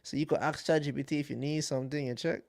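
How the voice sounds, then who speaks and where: A young man with a Caribbean accent, co-hosting a casual podcast and talking loudly and excitably, swearing freely. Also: fairly high pitch, fast, creaky, no room sound, studio quality. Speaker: podcast co-host.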